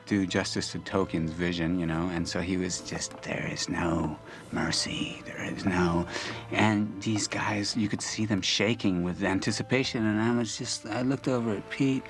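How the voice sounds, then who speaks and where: A man's voice: fairly low pitch, steady tone, moderate pace, few pauses, faint music behind. A man in a documentary interview, telling a self-mocking story about a shoot and laughing often. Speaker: actor recalling a shoot. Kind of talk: casual interview anecdote.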